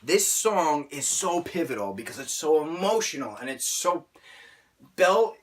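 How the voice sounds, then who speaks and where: A man ranting through a film review in an animated, exasperated and theatrical way, with sarcastic outbursts. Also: fairly high pitch, measured pace, a little hiss or hum.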